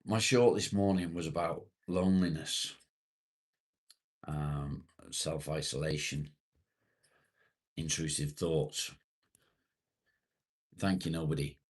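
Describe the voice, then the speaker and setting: A British man with a very low, deep voice hosts a relaxed live stream and answers viewers' comments one by one. He talks slowly and easily, with casual swearing along the way.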